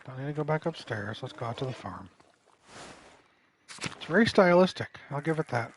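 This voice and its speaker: Gravelly-voiced chatty male streamer. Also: medium pitch, fast talker, slight background noise, low-quality recording. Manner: chatty, teasing the chat, bursts into loud impressions. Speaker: livestreamer playing a game. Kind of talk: casual live gameplay commentary.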